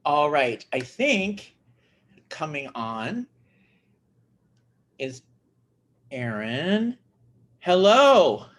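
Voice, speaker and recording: A man's voice: fairly high pitch, big pitch swings, very slow, pauses often, fairly bright tone. A man hosting an interview show, chatting with nominees in a friendly way. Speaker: host.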